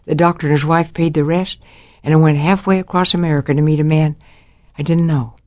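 A woman's voice: deep voice, fairly even intonation, brisk, dry recording, clean studio sound. An older woman giving a Christian testimony about her life, telling it dramatically and acting out the voices of the people in her story.

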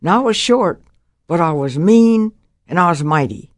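An older woman giving a personal testimony, telling a childhood story and acting out the voices with big jumps in pitch. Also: normal speed, no echo, clean studio sound. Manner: animated, acts out quotes with big pitch jumps.

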